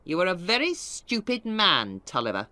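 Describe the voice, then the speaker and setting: A woman's voice: fairly low pitch, wildly swooping pitch, moderate pace, pushed and bright, full character voice. A woman voicing a scornful middle-aged male lawyer with a cold, contemptuous manner.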